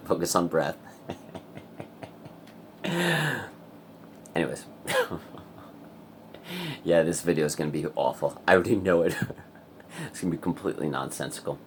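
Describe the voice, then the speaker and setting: A man's voice: low-pitched, a little hiss or hum. A man vlogging in a casual ramble, restless and wired, swearing a lot and laughing often. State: hyped up and full of energy.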